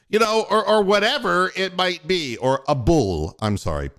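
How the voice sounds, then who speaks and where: An older former radio station boss, now hosting a podcast, tells rambling, profane stories on his sports talk show. His slightly high voice swings through a very animated pitch range at normal speed with few pauses.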